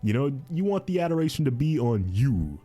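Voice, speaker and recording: A man's voice: medium pitch, a little fast. A young man hosting a casual podcast, commenting on advice posts, repeating himself a lot and often saying "dude". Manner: repetitive, animated, says "dude" and "fiendish".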